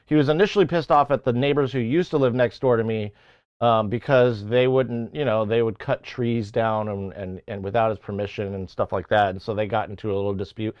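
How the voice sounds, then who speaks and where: A man's voice: lowish voice, fairly even intonation, brisk, clear, resonant tone, dry recording, muffled recording. A man hosting a livestream, rambling through a casual story with plenty of swearing. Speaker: livestream host. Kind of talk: casual chat.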